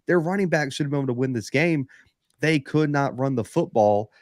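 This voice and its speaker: A man's voice: mid-range voice, expressive, brisk, dry recording, studio quality. Emphatic man breaking down football. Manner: emphatic, builds arguments in repeated phrases. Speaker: podcast co-host. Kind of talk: casual sports analysis.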